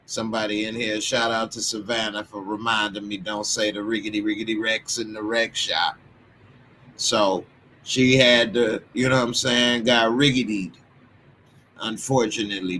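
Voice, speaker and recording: Casual Texan male commentary host, chatty, slangy, sudden loud bursts, bright tone. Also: lowish voice, a little hiss or hum. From Texas.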